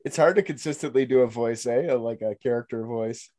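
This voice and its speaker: A man chatting on a comedy podcast, blunt and crude in his jokes. His voice is mid-pitched and ordinary, and he talks casually with lots of "like". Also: fairly quick, dark tone.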